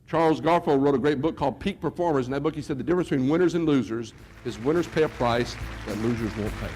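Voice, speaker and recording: A man giving a live motivational speech on stage, telling a story in an animated, conversational way and asking the audience questions. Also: mid-range voice, fast talker, breathy edge, soft background music. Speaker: motivational keynote speaker. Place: stage in a large hall. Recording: reverberant hall recording.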